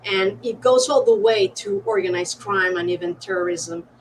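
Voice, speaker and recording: A woman's voice: medium pitch, normal speed, slight background noise, poor audio. A woman moderating an academic lecture introduces the guest speaker hesitantly, with many fillers and tag questions.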